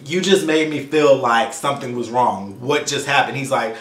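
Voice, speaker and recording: A young man telling a personal story to camera in a casual vlog, talking fast and animated, sometimes stumbling over his words and swearing. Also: medium pitch, roomy sound. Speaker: vlogger.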